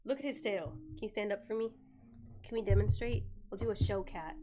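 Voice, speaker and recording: A woman's voice: mid-range voice, a little fast, warm tone, slight background noise. A woman in her twenties chatting casually on a live stream as she gets over the flu, rambling with lots of fillers and talking to her cat. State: getting over the flu, occasional cough.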